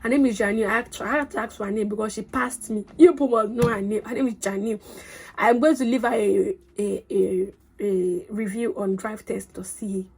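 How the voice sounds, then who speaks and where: A young woman telling a story to her vlog in an excitable, chatty way. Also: medium pitch, brisk, gravelly, slightly rough. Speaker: vlogger.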